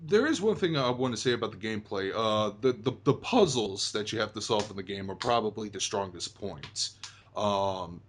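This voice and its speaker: A man's voice: lowish voice, a bit bright, a little hiss or hum. A young man hosting a casual chat about a video game, rambling with many fillers and restarts. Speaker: host.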